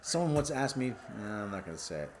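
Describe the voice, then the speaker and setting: Male comic, rambling monologue, animated delivery, frequent throat clearing. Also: lowish voice, quick pace, background noise. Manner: musing, self-interrupting, clears throat often. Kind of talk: rambling stand-up comedy monologue.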